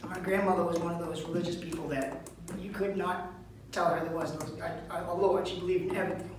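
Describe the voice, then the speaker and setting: A high-voiced man from Lynn, Massachusetts, tells brash, profane stories in a stand-up set at a live venue, speaking quickly in a steady tone. The recording is echoey and distant, with a noisy background.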